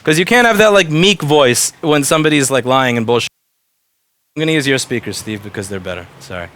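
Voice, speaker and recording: A man's voice: mid-range voice, lively intonation, brisk, a bit bright. A man running a repair shop, giving blunt, profane instructions to his staff in casual workplace talk.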